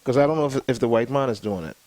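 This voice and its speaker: A talk show host who speaks calmly and in a measured way, pushing back politely on the guest. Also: medium pitch. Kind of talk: talk radio discussion.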